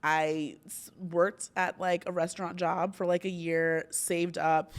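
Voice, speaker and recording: A young woman hosting a podcast, telling stories in a chatty, animated way, full of "like" fillers and laughs. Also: fairly low pitch, a little slow. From Florida, US. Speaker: podcast host. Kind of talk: casual podcast chat.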